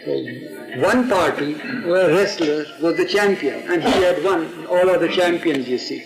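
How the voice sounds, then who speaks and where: A man tells a story in a somewhat high voice, wandering into asides and acting out each figure. The recording is old archival tape with a roomy echo. Music plays clearly behind him. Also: a little slow. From India. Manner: animated, digressive, acts out the quotes. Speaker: storyteller, interviewee. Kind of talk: oral history storytelling.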